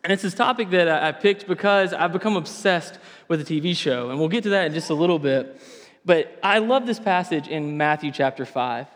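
A young man preaching a lesson with a slightly raised voice, chatty and lively, stopping to correct himself as he goes. His words ring out in a large hall with a long echo behind them. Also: on the high side, fairly quick. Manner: animated, conversational, self-correcting. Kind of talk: sermon lesson. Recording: reverberant hall sound.

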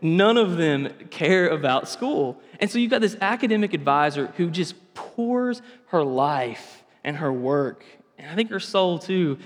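A young man preaching a lesson with a slightly raised voice, chatty and lively, stopping to correct himself as he goes. His words ring out in a large hall with a long echo behind them. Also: on the high side, unhurried, few pauses. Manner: animated, conversational, self-correcting. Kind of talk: sermon lesson. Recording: reverberant hall sound.

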